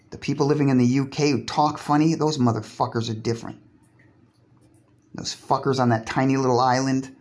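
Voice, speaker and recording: A man's voice: mid-range voice, a little mellow. A man delivering a profane, sarcastic solo podcast monologue while lying in a bathtub. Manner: profane, sarcastic, provocative, breaks off and restarts words.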